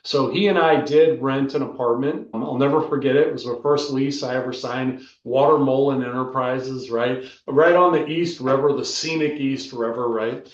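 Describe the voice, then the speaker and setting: An older American man, a former football player, telling animated stories in a casual interview and often asking "right?". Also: mid-range voice, normal speed, hardly any pauses, recorded from a distance. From United States. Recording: roomy, dull lo-fi sound.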